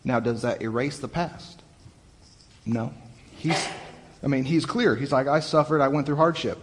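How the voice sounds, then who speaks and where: A man's voice: mid-range voice, normal speed, noisy background. A young man, a youth pastor, preaching a conversational sermon that retells the story in his own casual words. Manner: conversational, animated retelling with restarts. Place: church hall. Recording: long hall reverb.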